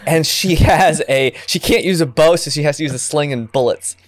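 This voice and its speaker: A man co-hosting a casual podcast chat about tabletop games. He is excitable, rambles, and often restarts his sentences. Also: fairly high pitch, normal speed. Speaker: podcast co-host.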